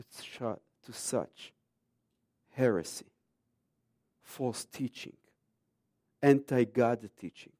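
A man in his thirties preaching a sermon emphatically, swinging between hushed lines and loud ones. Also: fairly high pitch, no room sound, studio quality.

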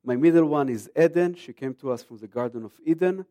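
A man in his thirties preaching a sermon emphatically, swinging between hushed lines and loud ones. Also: fairly high pitch, brisk, no room sound.

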